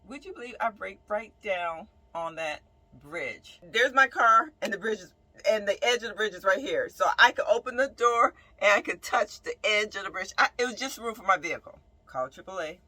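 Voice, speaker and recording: A woman, a nurse who lives in her bus, telling a casual storytime about a breakdown with animated, emphatic delivery and frequent "right?" asides. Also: mid-range voice, a little fast, poor audio. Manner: dramatic swings between loud outbursts and quiet mutters. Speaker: nurse and bus-dwelling vlogger.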